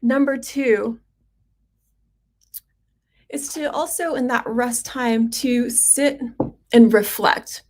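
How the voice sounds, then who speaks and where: Speaking with a voice on the high side, a middle-aged woman doctor leads a livestream. She's gentle and reflective, unhurried, pausing often.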